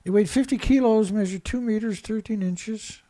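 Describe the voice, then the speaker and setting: A Canadian environmental commentator rants over news clips, reading stories aloud and mocking them with sarcasm and profanity. He speaks at a moderate pace in a high-pitched, dark-toned voice.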